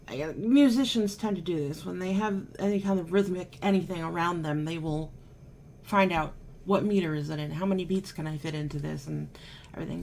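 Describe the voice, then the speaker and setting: A woman's voice: lowish voice, gravelly, a little hiss or hum. A woman vlogger telling a story casually to camera, chatty and sarcastic, still a bit unwell.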